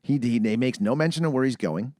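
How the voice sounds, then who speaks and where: A man's voice: mid-range voice, fairly quick, warm tone, no echo, clean studio sound. A man from Manitoba co-hosting a podcast, ranting sarcastically about a bad movie with plenty of swearing. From Manitoba, Canada. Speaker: podcast co-host. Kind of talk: casual movie-review chat.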